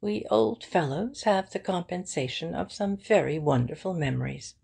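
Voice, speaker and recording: A woman's voice: lowish voice, lively intonation, normal speed, vocal fry, warm tone, slightly rough, pitched above the performer's own voice, full character voice. A woman reading the part of a fussy, courteous elderly male solicitor in a precise, old-fashioned way.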